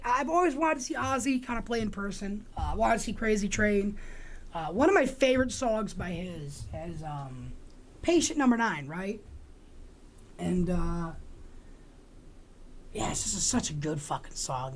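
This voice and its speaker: A woman's voice: mid-range voice, slight background noise. A woman hosting a livestream, chatting in a rambling, joking, profane way. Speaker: livestream host. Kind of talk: casual rambling chat.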